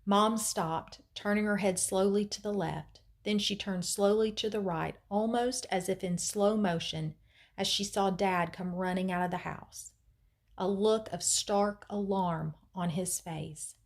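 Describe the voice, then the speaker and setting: A woman teacher reading a novel aloud in an expressive storytelling way, with dramatic pauses. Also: medium pitch.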